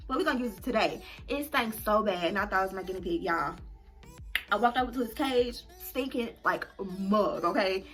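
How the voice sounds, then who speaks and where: A young adult woman vlogger telling a story to her viewers in a casual, animated and dramatic way. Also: medium pitch, brisk, faint music behind.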